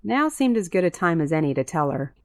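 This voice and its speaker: A woman's voice: big pitch swings, fairly quick, no echo, studio quality. A woman reading a first-person story as an audiobook narrator, switching into character voices for dialogue. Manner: voices characters with pitch lifts.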